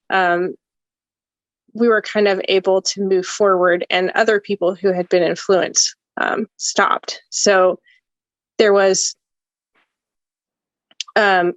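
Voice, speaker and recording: A mother shares her family's experience in a hesitant way, with frequent pauses and fillers. Her voice sounds dry and close, with no room around it. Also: medium pitch, no echo, dull audio. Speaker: parent interviewee. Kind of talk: casual sharing.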